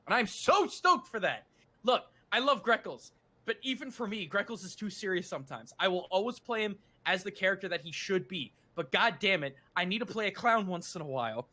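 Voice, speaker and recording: Male streamer, casual chat, blunt and ranting, high voice. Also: lively intonation, brisk, pushed and bright. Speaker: art streamer.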